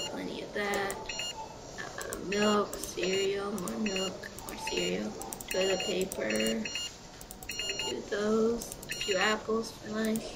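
A woman's voice: on the high side, heavy background noise. A young woman playing a choice-based game, reading the prompts aloud and chatting through her decisions, sleepy and yawning. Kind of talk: let's play commentary.

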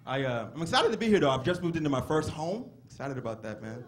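A young man telling stories in a stand-up comedy set on a club stage, animated and given to drawn-out exclamations. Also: on the high side, background noise.

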